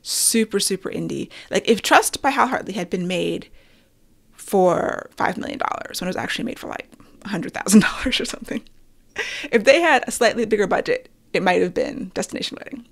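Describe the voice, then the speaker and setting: A woman's voice: mid-range voice, animated, a little fast, gravelly. A middle-aged woman hosting her own podcast, chatting candidly and with self-deprecating humor about films and her week. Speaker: podcast host. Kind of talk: casual solo podcast chat.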